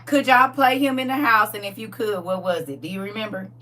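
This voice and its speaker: Animated, laughing middle-aged woman. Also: mid-range voice, brisk, recorded from a distance. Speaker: live stream host. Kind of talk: casual chat.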